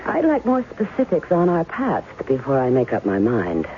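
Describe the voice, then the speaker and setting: A woman's voice: very deep voice, huge pitch swings, normal speed, slight background noise, full character voice. An actress playing a cool, skeptical estranged wife in an old radio drama, cutting and probing as she questions a man. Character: sharp, skeptical woman guarding her heart. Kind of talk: 1970s radio drama acting. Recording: tinny narrow-band old radio with music.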